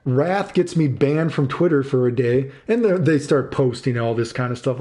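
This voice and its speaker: A man's voice: medium pitch, animated, moderate pace, warm tone. A man in his thirties streaming live, ranting angrily and swearing, repeating himself and answering chat. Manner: angry, profane, repeats himself.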